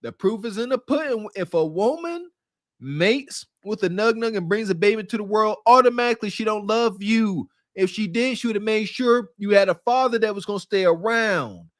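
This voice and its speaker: High-voiced man preaching on a podcast. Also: lively intonation, moderate pace, no echo, clean studio sound. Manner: preachy, joking, slangy. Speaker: podcast co-host. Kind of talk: casual podcast commentary.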